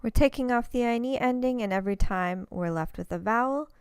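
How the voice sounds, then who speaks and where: A woman teaching a recorded language lesson, explaining step by step and saying example words slowly and carefully. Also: a little high, darkish tone, clean tone, dry recording.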